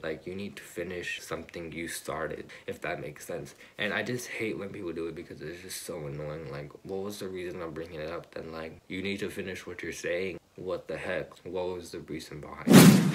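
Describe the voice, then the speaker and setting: Teen boy vlogger, deep low voice, exasperated casual rant, heavy on "like". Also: slight background noise. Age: teens. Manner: exasperated, repetitive, fillers of "like".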